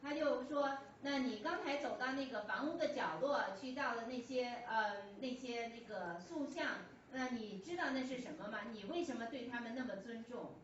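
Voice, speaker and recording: A woman's voice: fairly high pitch, normal speed, few pauses. A woman interpreting a sermon phrase by phrase, with hesitant fillers and restarts as she goes. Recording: echoey church hall, distant mic, dull lo-fi, faint hum.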